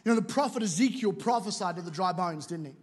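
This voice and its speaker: High-voiced preacher in a hall. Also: male voice, animated, breathy edge. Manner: jokey, conversational storytelling with quick asides. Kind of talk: sermon. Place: church auditorium. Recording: large hall with long reverb.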